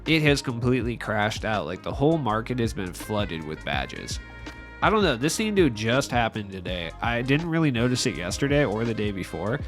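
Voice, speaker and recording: This young gaming YouTuber sounds very animated, with a mid-range voice at normal speed and soft music behind him. Stuffy with allergies, he gives rambling, self-deprecating casual commentary in voice-over, full of "likes."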